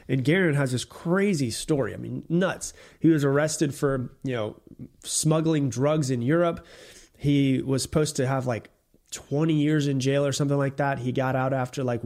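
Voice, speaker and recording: A man's voice: mid-range voice, a little mellow. Blunt, emphatic male podcast host. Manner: blunt, emphatic, repetitive, swears casually. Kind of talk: solo motivational podcast talk.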